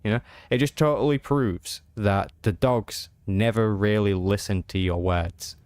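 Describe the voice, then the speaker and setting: A man's voice: on the low side, measured pace, darkish tone, clean tone, dry recording. An English man streaming a game, chatting casually and answering his chat aloud in an easygoing way.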